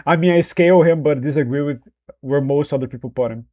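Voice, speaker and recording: Loose, profane young streamer, slightly higher voice. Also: male voice, fast, highs cut off. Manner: loose and profane, joking, reacting to chat. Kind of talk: casual livestream chat.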